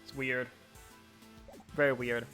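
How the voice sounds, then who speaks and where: A man's voice: medium pitch, flat delivery, slow, sharp tone, soft background music. A man casually commenting on a game playthrough with laid-back, chuckling asides. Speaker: streamer.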